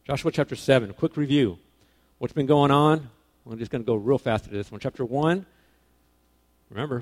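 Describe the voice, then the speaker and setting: A man giving a relaxed, conversational sermon to a young crowd. His voice sits at a middle pitch, jumping from loud, stressed points to hushed asides. He talks informally and corrects himself mid-sentence. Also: normal speed. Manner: animated, swings between loud emphasis and quiet asides; casual, self-correcting, informal phrasing. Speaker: preacher.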